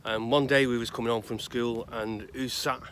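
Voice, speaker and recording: With a fairly bright tone, middling pitch, and fairly even intonation, a Salford, England man rambles loosely and conversationally, pausing often. He's a grave-visiting vlogger giving a casual tribute and storytelling outdoors in a cemetery, with clear outdoor noise and distant traffic in the background.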